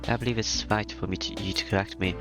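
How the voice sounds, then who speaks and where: A man puts on a reserved young servant woman from a visual novel reading. She speaks in polite, measured phrases, in a deep, gravelly, flat voice. Music plays behind her.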